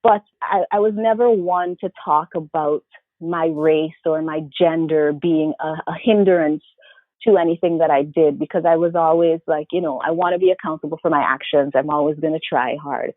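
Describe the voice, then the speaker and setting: Woman w a faint vincentian accent, kinda low voice, chatting over a tinny dry call line. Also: moderate pace, no echo. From Saint Vincent and the Grenadines. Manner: reflective, animated storyteller, mimics others' voices. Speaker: interview guest, journalist. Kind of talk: casual interview conversation.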